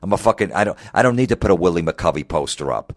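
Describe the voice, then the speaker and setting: A man's voice: sits low, animated, quick pace, no room sound, studio quality. A comedian in his forties delivering an angry, mocking, profane comedic rant. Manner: angry, mocking, heavy swearing.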